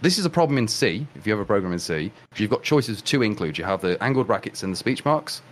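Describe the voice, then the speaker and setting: An Englishman with an English accent talks shop as a guest, his words tumbling out fast in a lowish voice. He rambles, restarts sentences and leans on fillers in casual technical chat. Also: sing-song. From England. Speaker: guest programmer.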